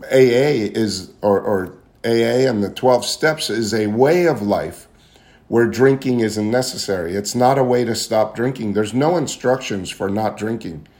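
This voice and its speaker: A man's voice: fairly low pitch, a little slow, darkish tone. A man telling his own recovery story in an earnest, confessional way, often repeating phrases as he searches for words. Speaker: speaker sharing recovery story. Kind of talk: personal testimony talk.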